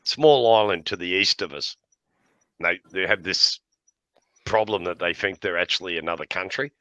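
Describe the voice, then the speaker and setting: An Australian man hosts a live stream, his voice low and his pace normal, with a dull recording and no room sound. He spins lively yarns and jokes in casual chat, laughing often and swearing freely.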